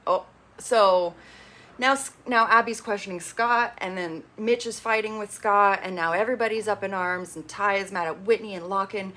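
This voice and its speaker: A woman chatting casually through a reality TV recap, retelling the drama and quoting the cast in quick asides. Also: medium pitch, sharp tone.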